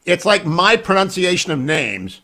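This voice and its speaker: A man's voice: high-pitched, big pitch swings, normal speed, noisy background. A man in his sixties hosting a radio talk show, joking and bantering with his guests. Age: 60s. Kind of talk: casual radio interview.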